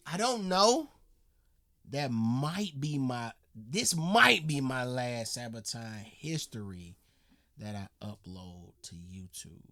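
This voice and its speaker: Male reaction host, easygoing slang, unhurried delivery, dry close recording. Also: mid-range voice, pushed and bright, dry recording. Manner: laid-back slangy chatter, lots of fillers. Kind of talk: casual reaction chat.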